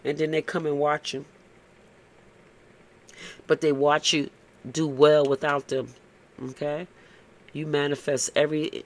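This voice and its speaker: A man giving a casual, blunt tarot reading, tagging "okay?" onto his points and cursing freely. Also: a little high. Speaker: tarot reader.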